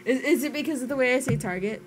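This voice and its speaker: A woman's voice: high voice, quick pace, a little hiss or hum. A woman streaming a video game, chatting playfully with friends and laughing at herself. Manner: playful, giggly, self-teasing. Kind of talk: casual chat while live-streaming a game.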